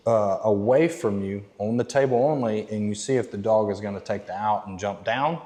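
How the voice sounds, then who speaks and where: A man working as a dog trainer, explaining steps plainly and giving short, quiet commands to a dog indoors. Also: on the low side, in a large hall. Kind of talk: instructional training demo.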